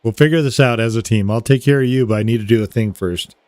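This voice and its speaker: A steady, caring friend, read out by a man as game dialogue. The delivery is plain and calm at an ordinary pitch, and the sound is close and dry with no room around it. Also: quick pace, dry recording, natural voice. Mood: practical. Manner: reads the lines in a plain, calm voice. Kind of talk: reading game dialogue aloud.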